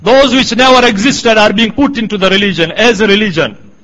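High-voiced man preaching a sermon. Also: a bit bright, low-quality recording. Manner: measured, emphatic, quotes Arabic text.

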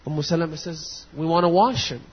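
A male preacher delivering a sermon, moving between hushed storytelling and impassioned near-shouting, with a husky voice. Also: a little high, fairly quick. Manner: impassioned, builds to near shouts and weeping intensity. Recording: dull lo-fi audio in a long-reverb hall.

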